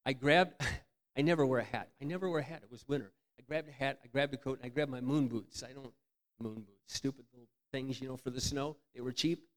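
A man preaching a candid, self-mocking storytelling sermon, swinging from loud outbursts to near-whispers. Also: mid-range voice, fairly quick. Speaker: pastor.

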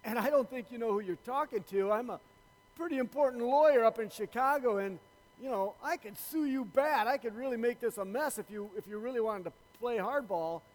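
A pompous big-city lawyer blusters and stammers, as a man acts him out in a joke. He boasts of his own importance. His voice sits fairly high for a man. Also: a little fast, in a large hall, rough recording. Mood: flustered boasting.

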